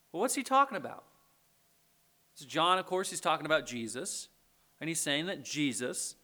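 A man with a high, bright voice preaching a sermon. He keeps it conversational and keeps checking in with the congregation as he walks through the passage. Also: sing-song, moderate pace. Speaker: pastor.

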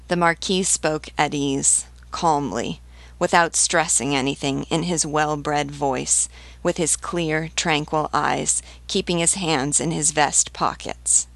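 Low-voiced woman reading a novel aloud. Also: slow, gravelly, a bit bright, no echo. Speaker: literature teacher guiding a reading.

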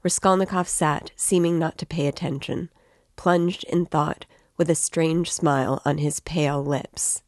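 A woman reading a classic novel aloud in measured, even narration as a regular guide. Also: low voice, no echo, clean studio sound. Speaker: reader and guide.

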